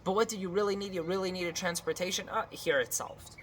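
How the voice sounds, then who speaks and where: A woman's voice: on the low side, fast, a bit bright, slight background noise. A woman teaching a casual spoken lesson, conversational and earnest, often checking in with a questioning "right?" and turning pleading when she voices prayers.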